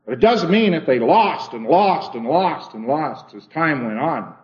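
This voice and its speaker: A man with a slightly high voice gives an informal lecture in a wry, conversational manner. He often circles back and repeats phrases as he works through a thought. The recording is dull and lo-fi. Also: lively intonation, unhurried.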